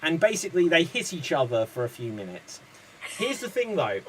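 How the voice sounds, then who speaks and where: Man, improv host, chatty, slightly high voice, faint background noise. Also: very animated, a little fast, rough recording. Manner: chatty, rambling. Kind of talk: hosting an online comedy show.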